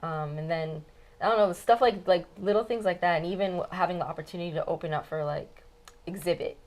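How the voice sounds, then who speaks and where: Chatty woman, low voice, lots of "like". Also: fast talker, a little mellow, low-quality recording. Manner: chatty storyteller, many fillers like "like" and "um". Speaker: guest musician. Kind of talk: casual chat. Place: studio lounge.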